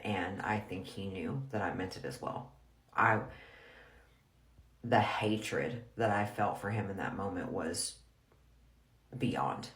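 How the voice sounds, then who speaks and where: A woman telling a personal story in a frank, blunt, casual way, full of "like". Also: very deep voice. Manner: frank, blunt, heavy use of "like". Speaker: storyteller vlogger. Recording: roomy echo.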